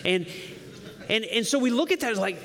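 A man preaching a sermon to his congregation, animated, rising to emphatic peaks and dropping to quiet stresses. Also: high voice, fairly quick, creaky, big-room sound, a little hiss or hum. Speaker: pastor.

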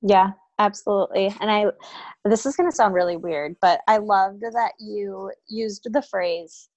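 A woman's voice: mid-range voice, a little slow, no room sound. Affirming woman host, dull dry sound. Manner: warm, affirming, encouraging. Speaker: podcast host. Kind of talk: interview hosting.

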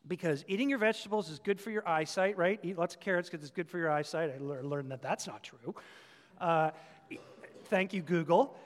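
Animated preacher in a reverberant hall. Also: male voice, very high-pitched. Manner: animated, acts out parents and kids in voices. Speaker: pastor. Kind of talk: sermon.

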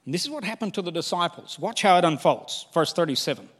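Male pastor, high voice, lively sermon delivery, long hall reverb. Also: fast, husky. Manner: animated preaching that slips into quoted voices.

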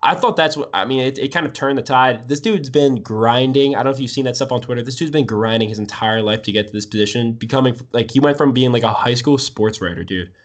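A young man talks sports in a casual, excitable way, building the story up as he goes. He keeps calling people dude. His pitch sits in the middle range for a man. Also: quick pace, few pauses. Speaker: sports podcast host.

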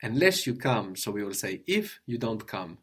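A man's voice: lowish voice, big pitch swings, moderate pace, slightly rough. Patient man teaching a language lesson. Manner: patient, prompting questions, gentle corrections.

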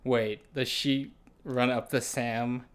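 Slow, deadpan man cracking jokes. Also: mid-range voice, smooth. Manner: deadpan interjections, sarcastic questions. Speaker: podcast co-host. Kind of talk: casual comedic banter.

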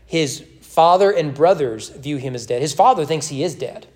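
A man's voice: on the high side, lively intonation, moderate pace, a little mellow. A man leading a church Bible study, teaching in a conversational way with joking asides.

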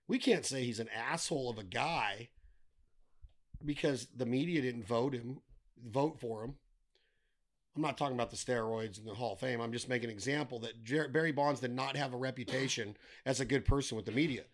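A man's voice: mid-range voice, fairly quick. A middle-aged man talking casually as a podcast guest, blunt and given to swearing, ranting with wry humor. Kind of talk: casual chat.

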